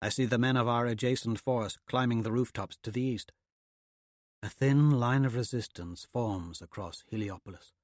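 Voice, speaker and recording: This is a measured male audiobook narrator reading scripted narration in a mid-range voice. The recording is dry, with clean studio sound.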